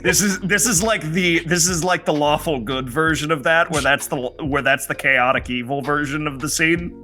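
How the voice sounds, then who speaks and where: A man guesting on a casual film review podcast, speaking deliberately and searching for his words as he thinks aloud. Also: fairly high pitch, pushed and bright, soft background music.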